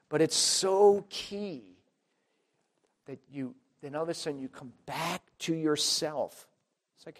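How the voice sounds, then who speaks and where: A man preaching a sermon in an emphatic, conversational way, talking straight to the listeners and swinging between loud and quiet. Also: fairly high pitch, takes it slowly. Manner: addresses listeners directly as folks.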